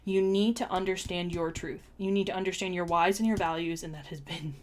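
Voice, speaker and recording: A woman's voice: lowish voice, steady tone, a little fast. Chatty woman reading cards. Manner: chatty, rambling, with many ums and restarts. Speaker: tarot reader. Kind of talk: live-streamed oracle reading.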